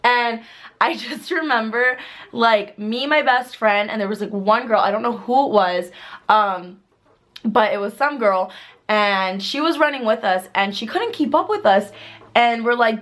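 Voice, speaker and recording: A woman in her twenties telling a story to camera in a chatty, filler-heavy way, bursting into excited quoted voices. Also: a little high, moderate pace. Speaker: vlogger. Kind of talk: casual storytime vlog.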